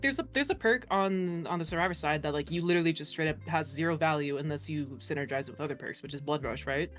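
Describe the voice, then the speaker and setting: A woman streamer talking as an interview guest in a casual, chatty way, laughing often and filling her talk with "like". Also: lowish voice.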